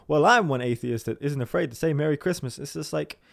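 A man's voice: on the high side, fairly quick, creaky, no room sound, studio quality. A young man giving a casual, sarcastic commentary monologue, rambling and mocking people in put-on voices.

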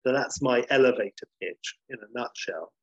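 A man, casually pitching and reading out a film script, rambling and correcting himself as he goes. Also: normal speed, no room sound, lo-fi sound. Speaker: podcast host pitching a film idea.

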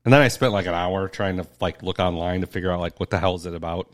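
A man's voice: low voice, fast talker. A man co-hosting a casual chat, reading trivia aloud and joking as he rambles. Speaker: podcast co-host.

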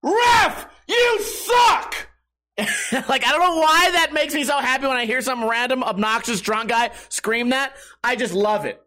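A young man hosting a casual podcast, profane and animated, bursting into loud shouts. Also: very high voice, a little fast, few pauses. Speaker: podcast host. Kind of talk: casual rambling chat. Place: at home.

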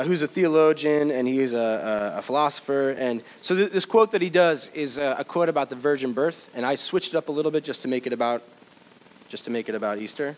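A pastor giving a sermon, shifting from loud urging to quiet, conversational reflection. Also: male voice, medium pitch, rough recording. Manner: swings from loud exhortation to soft reflection; conversational storytelling with fillers.

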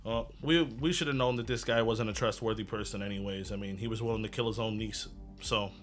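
A man's voice: fairly low pitch, fairly even intonation, brisk, soft background music. A man playing a tabletop game, speaking in character in a hesitant, pleading way. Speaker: player. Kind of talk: casual in-character play.

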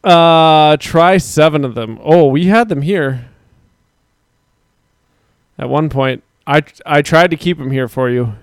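A man's voice: on the high side, slow pace, pauses often, smooth, no room sound. A man in his thirties co-hosting a casual streamed chat show, rambling with frequent laughs and casual swearing. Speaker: podcast co-host.

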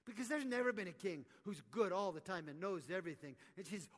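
A man's voice: high voice, fast, hardly any pauses. A man preaching a sermon at a live event, telling a story animatedly and repeating his words as he goes. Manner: animated, repetitive stammering. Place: conference hall, live audience. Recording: echoey live conference hall.

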